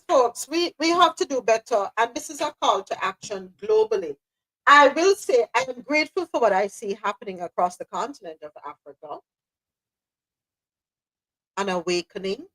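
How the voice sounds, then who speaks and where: A woman's voice: on the high side, expressive, moderate pace, pauses often, fairly bright tone, poor audio. A woman hosting a live news podcast, speaking passionately and repeating phrases for emphasis. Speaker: host.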